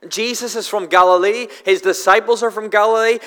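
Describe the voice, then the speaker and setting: A man's voice: high-pitched, fairly even intonation, brisk, hardly any pauses, bright, forceful tone, clear, resonant tone. A man with a Northern Irish accent delivers a sermon in a slightly raised voice, and a long hall reverb trails every phrase. He often repeats words as he starts a sentence and gives the quoted lines a little acting. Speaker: preacher.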